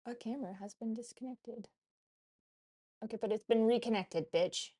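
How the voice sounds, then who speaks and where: Hoarse woman chatting on a livestream. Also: a little high, normal speed, dark tone. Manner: chatty, swears casually, talks to chat. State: hoarse, has lost her voice. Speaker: chef and cooking show host. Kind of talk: casual livestream chat.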